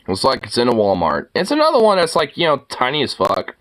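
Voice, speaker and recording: Animated, swearing reaction streamer. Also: mid-range voice, fast, hardly any pauses. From United States. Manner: rambling, heavy on filler words, mocking, laughs often. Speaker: streamer reacting to viral clips. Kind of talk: casual profane reaction commentary.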